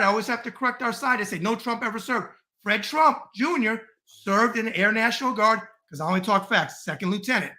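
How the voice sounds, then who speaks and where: A man's voice: high-pitched, sharp tone. A middle-aged man from the United States, a podcast guest talking politics in a blunt, profane, emphatic rant. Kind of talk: heated political talk.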